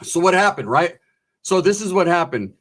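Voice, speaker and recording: A man telling a profane, comedic story in an animated, swaggering way, full of slang. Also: high voice, moderate pace.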